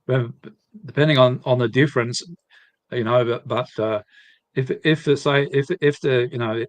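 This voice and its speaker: A man speaking as a guest at a live seminar, explaining in halting phrases with frequent restarts. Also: medium pitch, steady tone, no echo. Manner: halting, many restarts and repeated words.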